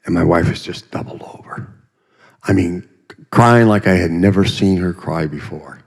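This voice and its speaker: A man's voice: low-pitched, normal speed, husky. A man giving a guest testimony in a church, telling his story in a folksy, humorous way with vivid asides. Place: church sanctuary. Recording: long reverb of a church hall.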